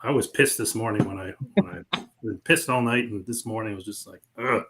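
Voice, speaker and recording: A man co-hosting a podcast who tells stories in an animated way, swearing freely and laughing as he goes. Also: fairly low pitch, brisk, a little hiss or hum. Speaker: podcast co-host. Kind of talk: casual podcast storytelling.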